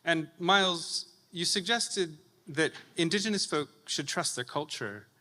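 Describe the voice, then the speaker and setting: A man's voice: a little high, lively intonation, a little slow, pushed and bright. A man in the audience asking an earnest, slightly hesitant question at a public forum. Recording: reverberant conference hall.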